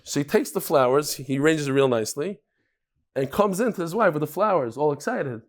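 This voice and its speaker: A man's voice: a little high, expressive, fairly quick. A man teaching a Talmud class to a live room, telling stories and jokes in a chatty way. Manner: joking, storytelling, chatty with laughs. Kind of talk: daf yomi lecture with jokes and stories.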